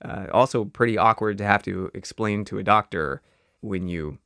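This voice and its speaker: A man's voice: fairly low pitch, normal speed, fairly bright tone, no room sound. Man, podcast co-host, wry dry delivery, close studio mic, dead room. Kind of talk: casual comedic chat.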